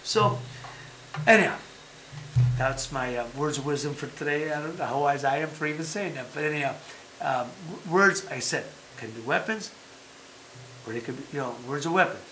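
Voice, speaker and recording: A fairly high-voiced man talks animatedly as a show host, circling back to his points again and again. His tone is bright and forceful. The room around him is echoey, with a faint hiss underneath. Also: normal speed. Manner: animated, emphatic, repeats himself; talks about having been a fighter. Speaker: podcast host. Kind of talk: casual chat.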